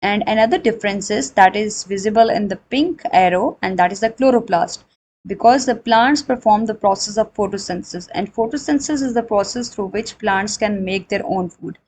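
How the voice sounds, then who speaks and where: A woman's voice: mid-range voice, brisk, a little mellow, low-quality recording. Woman, biology teacher, explanatory lecture, repeats points. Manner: explanatory, repeats and rephrases points, frequent fillers; switches into Hindi for examples. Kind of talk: recorded classroom lecture.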